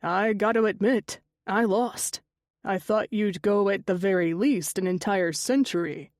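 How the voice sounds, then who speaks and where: A woman's voice: medium pitch, measured pace, a little mellow, no echo, clean studio sound, lightly acted. A woman reading the part of a teasing young male panther-shifter tattoo artist, wry and chatty, in an audiobook.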